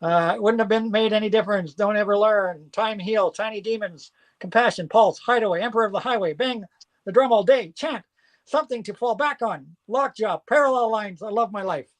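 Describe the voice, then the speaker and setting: A man hosting a live auction from home, chatting casually and excitedly and rattling off long lists. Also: sits high, fairly quick. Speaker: host selling records at a live auction.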